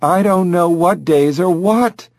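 A man's voice: sits high, slow, a little mellow, dry recording, studio quality, pitched above the performer's own voice, heavily acted. A man doing a blunt exasperated wife. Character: upset sharp-tongued middle-aged wife.

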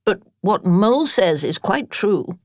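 A woman's voice: mid-range voice, expressive, measured pace, a little mellow, dry recording, natural voice. A woman voicing a grave, stern older female badger in a storybook reading, dry and severe. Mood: kindly firm.

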